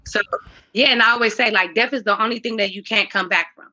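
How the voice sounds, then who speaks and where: A woman's voice: a little high, fast talker, sharp tone, muffled recording. A woman speaking as an interview guest in a candid, earnest way, often circling back with fillers and restarts. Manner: earnest, faith-driven, with many fillers and restarts.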